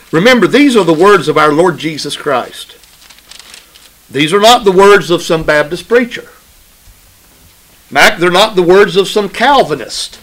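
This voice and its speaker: A man delivering a sermon at a slow, deliberate pace, his voice sitting a little high. He drives points home by repeating phrases and keeps checking in with his listeners in a call-and-response manner. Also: fairly bright tone, rough recording. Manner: call-and-response preaching, asks congregation "right?"; emphatic, repeats phrases for stress. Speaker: preacher.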